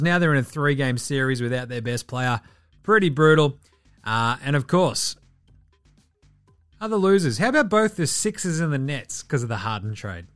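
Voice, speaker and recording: Profane, animated sports podcast host. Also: male voice, fairly high pitch. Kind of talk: solo sports commentary podcast.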